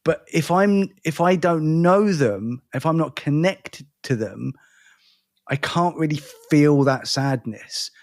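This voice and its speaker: A man's voice: on the high side, animated, takes it slowly, darkish tone. Tired English man, chatty. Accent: English, between London and educated. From England. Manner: rambling, self-deprecating, restarts often. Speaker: podcast co-host. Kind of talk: casual chat.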